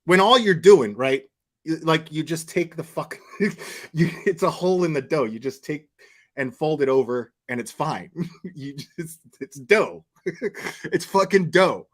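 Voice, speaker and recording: A man doing casual live commentary, telling profane, animated anecdotes and laughing often. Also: fairly high pitch, a little slow. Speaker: commentary streamer.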